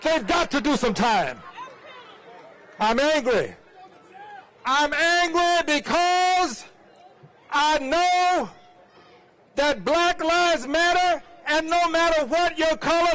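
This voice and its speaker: A man's voice: very high voice, a bit bright, slight background noise, poor audio. A lawmaker giving a fiery, impassioned rally speech, repeating a refrain and drawing out his emphatic words. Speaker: lawmaker speaking at a public rally.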